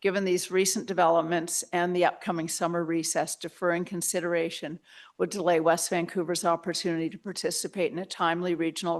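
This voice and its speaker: A woman city councillor presenting a motion at a council meeting in a formal, measured way. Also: on the low side.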